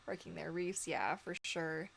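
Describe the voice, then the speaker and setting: A woman's voice: low-pitched, measured pace, creaky, a bit bright, slight background noise. A young woman hosting a casual live stream, chatty and giggly, with lots of "like" and "um" fillers. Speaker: livestream host.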